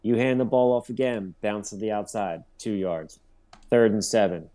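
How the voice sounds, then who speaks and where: A man co-hosting a casual sports podcast, ranting in a profane, rambling, animated way. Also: on the low side, moderate pace. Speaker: podcast co-host.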